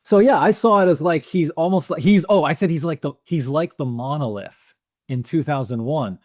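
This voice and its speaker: A man's voice: on the high side, moderate pace, no room sound, studio quality. Man musing in casual podcast chat. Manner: thoughtful, musing, many "you know" fillers. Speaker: podcast co-host. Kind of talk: casual film discussion.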